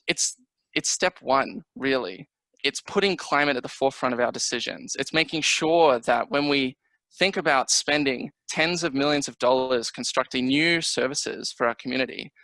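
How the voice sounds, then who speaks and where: A man running for local council speaks with passion and a gravelly edge. His tone is bright and a little tense as he fires off rhetorical questions. The sound is dry and close, as on a video call. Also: mid-range voice, no room sound, rough recording. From Australia. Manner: impassioned, fast, rhetorical questions. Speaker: council candidate. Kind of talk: campaign speech on a video call.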